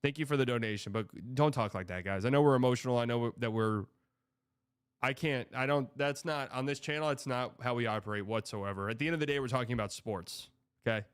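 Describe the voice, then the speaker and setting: A man's voice: medium pitch, a little fast, clear, resonant tone, dry recording, clean studio sound. A young man hosting a casual sports livestream, reading out donations and rambling with exasperated, profane reactions. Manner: exasperated, rambling, swearing, reads donor messages aloud.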